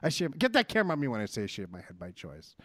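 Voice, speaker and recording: A man's voice: medium pitch, wildly swooping pitch, fast talker, no room sound, studio quality. A man co-hosting a casual wrestling chat, ranting animatedly and swearing freely. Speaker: podcast co-host.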